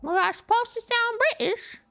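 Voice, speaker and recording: Very high, bright, gravelly woman. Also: moderate pace, faint music behind. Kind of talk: casual chat on a game stream.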